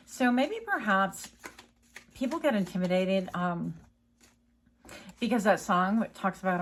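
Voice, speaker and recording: A woman gives a casual tarot reading, chatty and rambling, with lots of fillers and tangents. Her mid-range voice is measured and pauses often, and she coughs and sounds a bit choked up.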